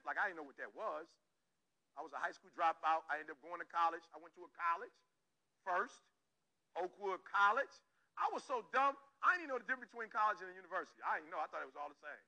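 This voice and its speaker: A man from Detroit delivers a motivational talk in a very high, sharply bright voice. He speaks emphatically and keeps calling on the listeners directly, driving each point home with repetition. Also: expressive, fast, poor audio. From Detroit, Michigan, USA.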